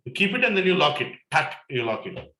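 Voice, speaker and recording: A middle-aged Indian man tells a lively story during a spiritual talk, switching between English, Hindi and Telugu. His voice sits a little high and sounds bright and forceful. The room gives it a roomy echo. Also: brisk. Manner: animated storyteller, mixes in Hindi and Telugu, laughs at himself. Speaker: satsang speaker.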